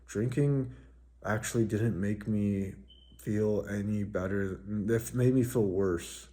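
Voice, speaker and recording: Male vlogger, deep, relaxed tone, rambling casual monologue. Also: takes it slowly. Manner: rambling, filler-heavy with frequent "like".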